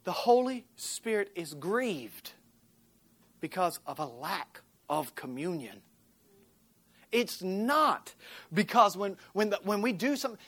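An American woman preaching a sermon, telling a personal story with lively swings from loud to hushed and acting out the voices she quotes. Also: medium pitch. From United States.

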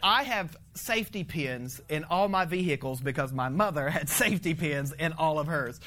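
A man preaching a conversational sermon, animated, laughing often and swinging from loud to hushed. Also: fairly high pitch, moderate pace. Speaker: pastor.

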